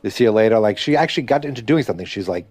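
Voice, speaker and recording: A man's voice: fairly low pitch, expressive, darkish tone, breathy edge, dry recording, soft background music. A man hosting a podcast, recapping a TV episode in a casual, rambling way with many fillers and restarts, briefly acting out characters' lines. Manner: acts out characters' lines in quick asides. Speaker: podcast host.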